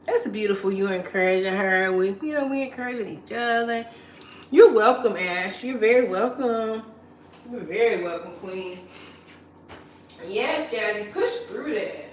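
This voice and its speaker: A woman's voice: mid-range voice, lively intonation, measured pace, slight background noise. A mother hosting a casual live stream from home while cleaning, chatting with viewers and encouraging them, repeating her phrases. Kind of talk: casual chat reading viewer comments. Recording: echoey room.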